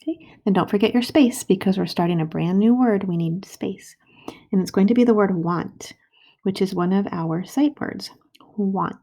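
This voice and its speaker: A woman teaching first graders to write a sentence, slowly sounding out each word and syllable with patient, clear steps. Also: mid-range voice, warm tone. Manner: slow, patient, sounding out words. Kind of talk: recorded writing lesson for children. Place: home. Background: dog barking.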